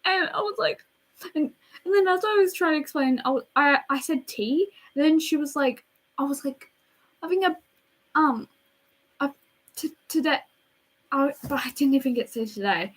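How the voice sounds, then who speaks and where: Breathy, animated young woman telling a story. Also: high voice, normal speed, long pauses, low-quality recording. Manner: rambling and dramatic, drops to quiet asides. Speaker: vlogger. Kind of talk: casual storytime vlog.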